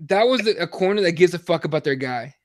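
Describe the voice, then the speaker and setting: High voiced guy cursing a lot, telling fight stories on a podcast, dead dry mic. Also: quick pace, no echo. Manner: profane, animated storytelling. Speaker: podcast co-host. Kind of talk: casual chat.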